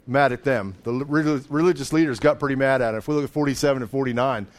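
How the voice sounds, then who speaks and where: A man's voice: medium pitch, fast, hardly any pauses. A man preaching a sermon in a conversational way, sometimes acting out voices of the people in the story. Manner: conversational, acts out voices of biblical figures, with laughs. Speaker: pastor.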